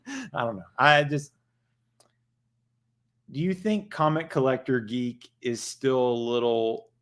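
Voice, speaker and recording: A man's voice: mid-range voice, slow, a bit bright. A man hosting a casual livestream chat, rambling and joking with plenty of profanity. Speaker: channel host.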